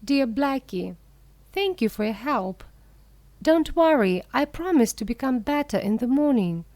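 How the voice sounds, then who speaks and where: A woman voicing a ten-year-old schoolboy in a storybook, pleading and anxious, in a high, slow voice. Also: expressive, darkish tone, no room sound. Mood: hopeful.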